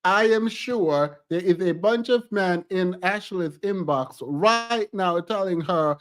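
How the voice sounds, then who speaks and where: A man's voice: sits high, takes it slowly, few pauses. A man streaming reaction commentary on reality TV clips, exasperated and ranting, repeating words for emphasis.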